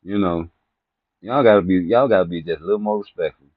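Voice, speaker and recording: A boxing commentary vlogger with a low voice rants quickly and casually to camera about boxing personalities, rambling, swearing, teasing people and laughing at his own jokes. The sound is tinny, phone-like and dry, with no room sound.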